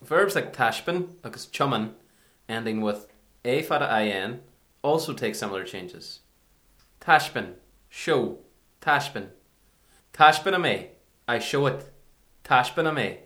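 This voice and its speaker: A man of ordinary pitch teaches a scripted language lesson. He speaks clearly and carefully, saying each example twice so learners can follow. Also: lively intonation, unhurried, long pauses, pushed and bright.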